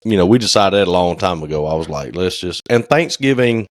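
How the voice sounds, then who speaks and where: A man with a fairly low voice co-hosts a podcast in casual chat. He rambles through his stories with plenty of fillers. The sound is close and dry. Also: animated, brisk, dry recording. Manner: rambling storyteller, many fillers. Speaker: podcast co-host.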